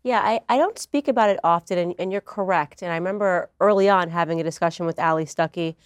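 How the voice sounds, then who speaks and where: A woman's voice: lowish voice, fast talker, clear, resonant tone, dry recording. A woman from the United States, a guest in a conversational interview, talking in a confident, earnest and reflective way.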